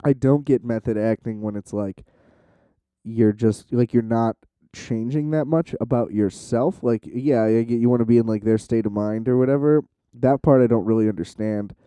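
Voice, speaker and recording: A man's voice: mid-range voice, moderate pace, mellow, clear, resonant tone, no room sound. A young man rambling casually to the camera in a loose, profane way, with lots of "like" and restarts. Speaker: vlogger.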